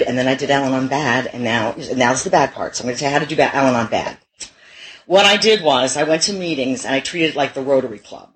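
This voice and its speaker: At a recovery meeting, a middle-aged woman with a low voice offers an honest, self-mocking testimony full of laughter. The low-quality recording carries a little hiss or hum.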